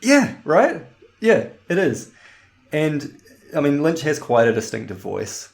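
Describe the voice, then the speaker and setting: A man's voice: on the high side, sing-song, slow, gravelly. A man co-hosting a podcast in casual chat, rambling and laughing often. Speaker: podcast co-host.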